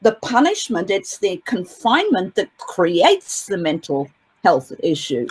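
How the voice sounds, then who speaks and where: A woman of middling pitch talks through an interview as a guest commentator. She winds through long, complex sentences, restarting and hedging with frequent fillers as she gathers her thoughts. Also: huge pitch swings, unhurried, husky, rough recording. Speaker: guest commentator on a court case. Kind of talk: casual interview talk.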